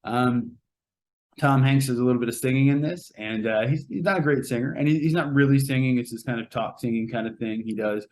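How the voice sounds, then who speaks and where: A man casually reviewing a movie on a podcast, rambling and hesitant, with many pauses and fillers. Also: medium pitch. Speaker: podcast co-host reviewing a film. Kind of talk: casual spoken film review.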